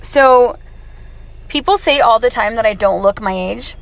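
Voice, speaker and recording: A woman's voice: on the high side, unhurried, vocal fry, no echo. A woman in her twenties casually telling stories on her way home from work, talking with lots of "like" and "um". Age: 20s. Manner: chatty, filler-heavy, lots of "like" and "um". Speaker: audio vlogger. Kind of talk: casual rambling storytelling.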